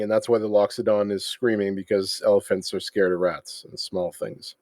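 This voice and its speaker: A man's voice: on the low side, little pitch movement, moderate pace, few pauses, darkish tone, dry recording. Easygoing man at a tabletop game. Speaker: player. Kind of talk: casual game chat.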